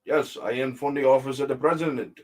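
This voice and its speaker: A man's voice: mid-range voice, steady tone, a little fast, darkish tone, pitched above the performer's own voice, natural voice. A man putting on the voice of a polite, formal male call-center agent as a bit in his stream. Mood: politely formal. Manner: stiff, formal customer-service phrasing.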